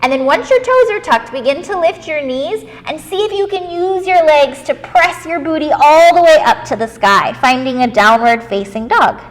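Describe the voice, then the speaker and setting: A woman leading a children's yoga class, gentle and playful, encouraging the kids and making animal noises. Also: high voice, expressive, moderate pace, hardly any pauses, big-room sound.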